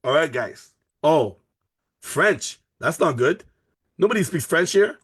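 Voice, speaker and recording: A man pitches a network marketing business in a live online presentation, screen-sharing from his computer during a video call. Though his delivery is energetic and pushy with constantly repeated phrases, he takes his time, his slightly rough voice recorded dry.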